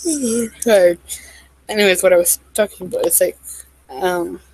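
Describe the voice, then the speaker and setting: A woman talking casually to camera in a rambling monologue, dotted with "like" and "um" and quick apologies. Her voice sits at an ordinary middle pitch. The sound is dry and close, with no room echo. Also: darkish tone. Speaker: vlogger.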